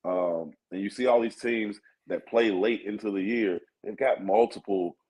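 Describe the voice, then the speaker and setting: Male sports radio co-host, lowish voice, easygoing, filler-heavy delivery. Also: moderate pace, a little mellow, poor audio. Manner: laid-back, thinks aloud with many fillers. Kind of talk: casual sports talk.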